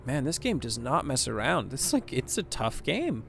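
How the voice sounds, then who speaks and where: A man's voice: medium pitch, big pitch swings, normal speed, creaky, noisy background. A man giving casual let's-play commentary, reading the game text aloud and chatting about his choices. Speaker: gaming streamer.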